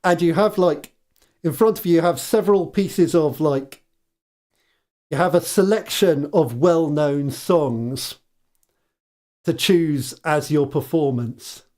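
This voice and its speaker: A man running a tabletop game, narrating at an unhurried pace. He stops and starts, searching for words as he describes each scene. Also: on the high side, a little mellow. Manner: hesitant, lots of ums, laughs often. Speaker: game master.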